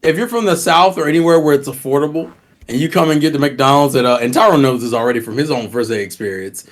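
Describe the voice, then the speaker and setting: A man's voice: medium pitch, fast. A man co-hosting a casual podcast chat, laid-back and profane, explaining things at length. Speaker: podcast co-host.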